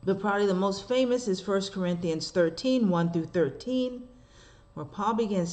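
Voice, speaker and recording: Animated woman preaching a sermon. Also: mid-range voice, normal speed. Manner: animated storytelling with rhetorical asides. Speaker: minister.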